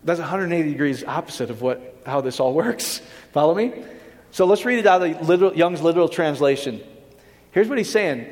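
A man's voice: on the high side, animated, fairly quick, a little mellow. A man preaching a sermon in a conversational way, often checking in with his listeners. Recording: long hall reverb.

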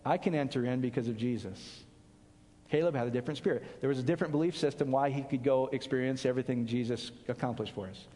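A male pastor preaching an animated sermon, quizzing his audience and answering his own questions. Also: mid-range voice, quick pace. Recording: long hall reverb.

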